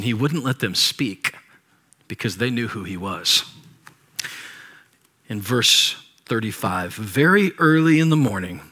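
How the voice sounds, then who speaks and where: A male pastor delivering a sermon with a bright, forceful tone. He talks to the congregation in a relaxed, conversational way, with playful jokes between scripture readings. His voice sits at a middle pitch for a man. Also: husky. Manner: conversational, joking asides to the congregation; reads scripture aloud with commentary.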